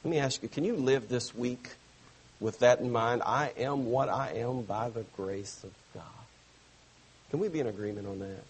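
A man preaching a sermon to his church, stressing phrases slowly and dropping suddenly soft. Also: mid-range voice, slightly rough. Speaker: pastor.

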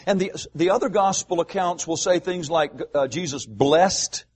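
A man pastor preaching a sermon, asking the congregation rhetorical questions and pausing for emphasis. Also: sits high, darkish tone, breathy edge.

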